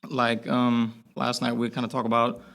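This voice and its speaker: A man's voice: medium pitch, completely flat delivery, normal speed, vocal fry, fairly bright tone. A young man as a podcast guest, talking earnestly and rambling in a candid interview, with lots of fillers and restarts.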